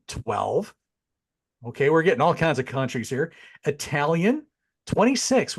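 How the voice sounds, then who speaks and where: A middle-aged man hosting a casual chat show, animated and chatty, wandering into asides. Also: fairly high pitch. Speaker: podcast host. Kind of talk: casual chat over a video call.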